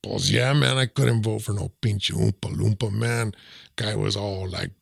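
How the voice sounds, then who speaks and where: A streetwise man rants loosely and slangily, scattering words through his talk. His lowish voice is deeply gravelly and husky. The sound is close and dry. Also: fairly even intonation, moderate pace, no echo. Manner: streetwise, drawling, peppers talk with 'man' and 'you know'. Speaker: podcast guest. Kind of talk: casual ranting chat.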